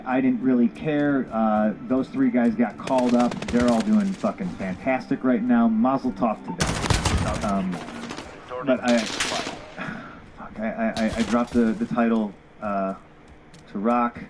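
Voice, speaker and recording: A man's voice: medium pitch, steady tone, measured pace, noisy background. A man telling a story bluntly with lots of swearing, acting out both sides of old conversations. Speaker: former pro wrestler telling a story. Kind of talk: casual candid storytelling.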